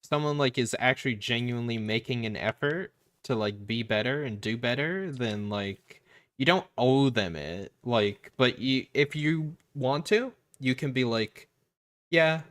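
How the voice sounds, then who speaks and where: A man's voice: mid-range voice, expressive, measured pace, a bit bright, no room sound. Rambling man telling a story on stream. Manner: rambling storyteller acting out quotes, many fillers. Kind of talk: casual chat.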